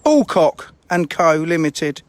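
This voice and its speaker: A man's voice: on the high side, big pitch swings, slow. A man, live streaming from his phone and chatting casually in a rambling, self-mocking way as he shows things to the camera. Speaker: fishery owner live streaming. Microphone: phone camera held in hand.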